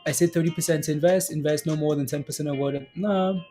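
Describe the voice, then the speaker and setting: A man's voice: a little high, fairly even intonation, fast talker, warm tone, soft background music. A man hosting a live stock trading stream, chatting casually with viewers, often laughing and repeating himself. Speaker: stock trading livestream host.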